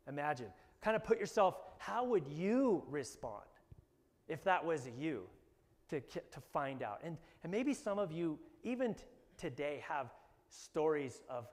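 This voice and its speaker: A man preaching a sermon as pastor, animated and often rising to emphatic bursts. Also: a little high, measured pace. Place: church hall. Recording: long hall reverb.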